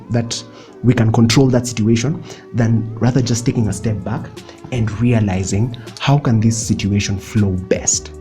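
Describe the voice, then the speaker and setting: A man's voice: mid-range voice, dark tone. A young man giving chatty, playful motivational advice in a casual vlog, laughing often and dropping in slang. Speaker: vlogger.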